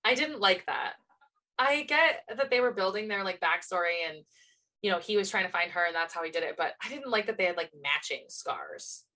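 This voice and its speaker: A woman's voice: medium pitch, lively intonation, a little fast, pushed and bright, rough recording. A woman co-hosting a podcast in casual chat, gushing with enthusiastic fan talk. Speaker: podcast co-host.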